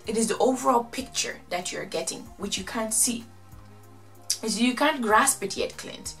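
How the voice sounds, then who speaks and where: A woman casually recapping and commenting on a reality show, chatty and animated, acting out what the people said. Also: a little high, moderate pace, soft background music. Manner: chatty, animated, quotes people in exaggerated voices.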